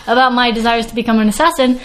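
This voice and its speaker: High-voiced giggly woman, noisy recording. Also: fast talker. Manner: playful, giggly, joking. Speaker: podcast co-host. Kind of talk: casual chat.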